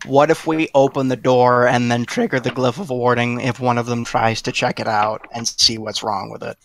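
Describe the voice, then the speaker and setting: Gravelly-voiced man planning aloud. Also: medium pitch, moderate pace. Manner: excited, plans aloud with hedges. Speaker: player. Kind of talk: tabletop game chat.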